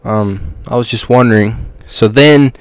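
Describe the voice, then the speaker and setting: A man's voice: medium pitch, measured pace, no echo. Brief: male podcast host, loose goofy storytelling, dry close sound. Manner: goofy, rambling, restarts sentences. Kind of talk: casual storytelling monologue.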